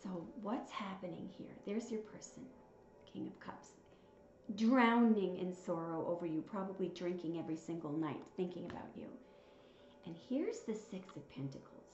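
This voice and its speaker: A woman's voice: on the low side, normal speed. Woman tarot reader in a roomy space. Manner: muses aloud, reads card messages with feeling. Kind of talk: tarot reading, counting out cards. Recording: slightly dull, roomy sound with soft music. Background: soft background music.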